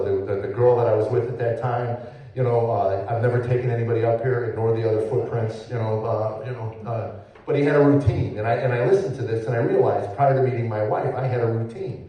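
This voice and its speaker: A middle-aged man giving his personal testimony at church, halting and repeating words, swinging from hushed to loud. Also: mid-range voice, highs cut off. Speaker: testimony speaker, former comedian. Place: church sanctuary. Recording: echoey church hall, mic far off.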